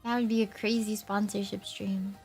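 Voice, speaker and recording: A woman's voice: medium pitch, flat delivery, moderate pace, a little mellow, faint music behind. A young woman chatting casually on a livestream, rambling, teasing herself and laughing often. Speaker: VTuber streamer.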